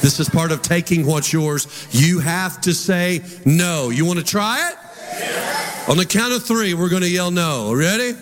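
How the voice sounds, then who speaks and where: A middle-aged pastor with a high-pitched voice preaches at a measured pace, telling stories in a conversational, humorous way. He speaks to a congregation in a large church hall, and the recording carries the reverberation of the hall and the crowd.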